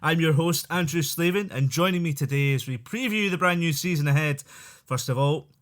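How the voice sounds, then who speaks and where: A man's voice: fairly high pitch, brisk. A man hosting a casual football podcast, jokey and chatty, laughing often. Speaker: podcast host.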